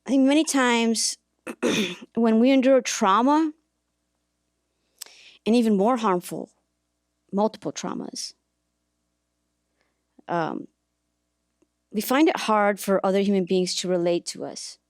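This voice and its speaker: Woman, podcast host, reflective storytelling, hesitant restarts, mid pitch, dry close sound. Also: slow, long pauses, dry recording. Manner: hesitant with restarts, earnest, acts out scenes.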